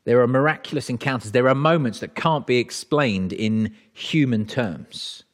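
A man's voice: medium pitch, normal speed. A man preaching a sermon in a conversational way, often restarting his sentences.

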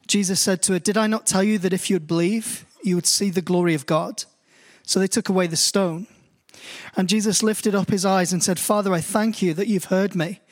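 A British pastor with a notably high voice delivers a sermon in a church. He reads scripture in a slow, deliberate way, then tells personal stories with rising animation. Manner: storytelling, rising in pitch as he grows animated. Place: church hall.

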